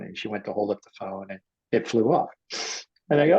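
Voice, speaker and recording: A man with a low, gravelly voice tells a story at an easy, wandering pace, full of ums, and slips into the voices of the people in it. His voice is husky, and the recording sounds dull. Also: expressive, fairly quick, warm tone. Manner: rambling, many fillers, acts out quoted voices. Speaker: guest artist. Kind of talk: storytelling in casual conversation.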